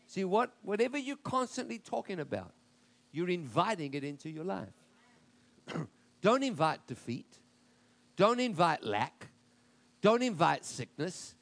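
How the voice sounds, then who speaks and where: Brief: male pastor, high-pitched voice, builds to emphatic declarations. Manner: emphatic preaching, rising to declarations. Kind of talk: sermon.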